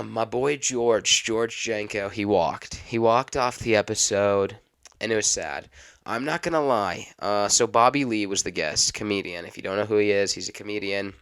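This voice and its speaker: A young man hosting a casual solo podcast, rambling off the cuff and stopping now and then to cough and clear his throat. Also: on the low side, fairly bright tone. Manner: rambling, unscripted, self-interrupting. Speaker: podcast host.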